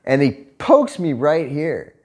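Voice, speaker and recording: A man vlogger telling stories in a casual chat, profane and animated, laughing as he tells them. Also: a little high, slow.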